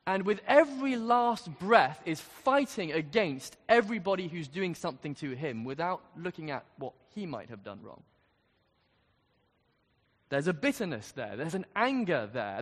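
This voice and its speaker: A man's voice: high voice, a bit bright. A man preaching a sermon, speaking earnestly and building to emphatic questions. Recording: long reverb of a large hall.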